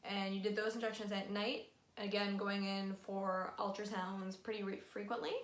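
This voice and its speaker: Young woman, mid pitch, frank casual vlogger voice, roomy echo. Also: little pitch movement, normal speed. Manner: frank and chatty, many fillers. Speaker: vlogger sharing her fertility treatment. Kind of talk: casual explainer vlog. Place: room at home. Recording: echoey room, faint music.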